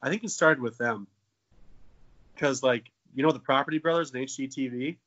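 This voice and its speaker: Joking, swearing, and occasionally leaping into silly high voices, a man in his twenties co-hosts a casual comedy podcast. He speaks at a normal speed with a slightly bright tone, in lo-fi sound.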